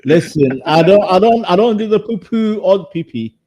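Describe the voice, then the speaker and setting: A man's voice: sits high, lively intonation, moderate pace, mellow. A man in his thirties from Somalia, chatting casually on a livestream panel and repeating words when flustered. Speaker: panel guest.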